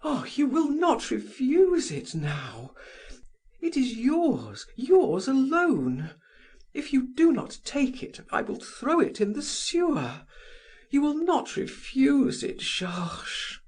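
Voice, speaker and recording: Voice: big pitch swings, slow, darkish tone, heavily acted. Reader voicing a desperate lovesick society woman. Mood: insistent. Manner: pleading, high-pitched and breathy. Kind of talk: audiobook character voice.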